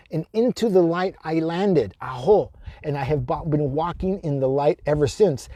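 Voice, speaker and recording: A shamanic drum healer live-streams a heartfelt spiritual talk to his own camera, teary-eyed, slow and repetitive, with chanted invocations. His voice is a little high with a dark tone, and the studio sound is clean with no room sound.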